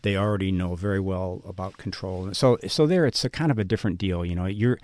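A middle-aged man with a low voice talks fast in a radio interview. He muses and runs himself down, restarting his sentences as he thinks. His voice sounds dry and close to the mic. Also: darkish tone, no room sound. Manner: self-deprecating, musing, many restarts. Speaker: guest author.

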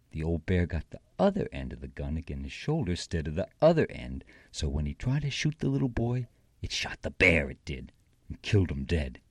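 A man's voice: very deep voice, husky, no room sound, studio quality. A man recites a folksy tale in dialect, rambling and correcting himself like a child telling a story.

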